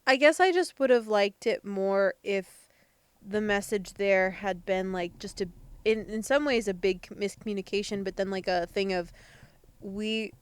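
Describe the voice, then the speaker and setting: A woman's voice: medium pitch, moderate pace, clean tone. A young adult woman co-hosting a podcast, chatting casually and thinking aloud with many fillers. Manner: thoughtful, hedging with many fillers. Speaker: podcast co-host. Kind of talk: casual chat.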